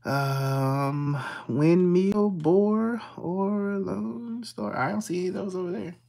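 Slow, gravelly livestream host. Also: mid-range voice, mellow. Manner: slowly reads out scratch-off symbols and greets chat viewers. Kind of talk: casual livestream commentary.

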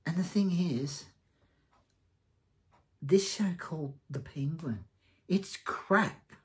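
A man's voice: fairly high pitch, takes it slowly. A man giving a casual spoken review of a TV series. He rambles and hesitates, and his verdicts are blunt and scornful.

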